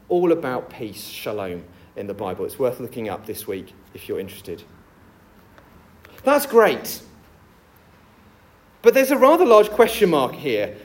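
A man preaching a sermon, explaining scripture with a lively, jokey storytelling delivery. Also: on the high side.

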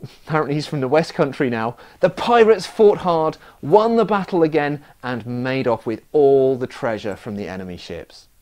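A man's voice: mid-range voice, animated, normal speed, a little mellow. A man preaching a sermon, telling stories with self-mocking humour.

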